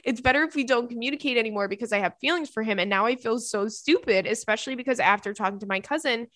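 A woman's voice: a little high, quick pace, fairly bright tone, no echo, clean studio sound. A young woman hosting a podcast, chatty and giggly, reading sponsor ads and listener messages. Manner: chatty, giggly, lots of "like" fillers. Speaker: podcast host. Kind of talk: casual chat and ad read.

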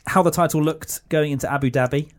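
A man's voice: on the high side, fairly even intonation, fast. A man co-hosting a casual podcast, steering the talk and teasing his co-hosts. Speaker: podcast co-host.

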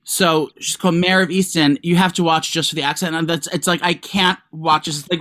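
A man co-hosting a podcast, chatting casually with a gossipy, animated manner and free swearing. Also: fairly high pitch, a little fast, few pauses, dry recording. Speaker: podcast co-host.

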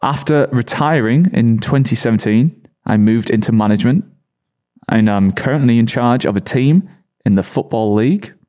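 A man reads out football quiz clues in a plain, matter-of-fact voice. His pitch sits in an ordinary middle range, and he speaks in the first person as the mystery player. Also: normal speed, dark tone. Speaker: quiz host.

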